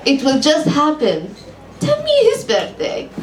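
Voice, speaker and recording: A woman's voice: sits high, wildly swooping pitch, a little slow, pitched above the performer's own voice, heavily acted. A woman voicing a brusque older female psychic with a put-on Hebrew accent and clipped broken grammar. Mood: stern. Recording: echoey room, far mic, faint hum.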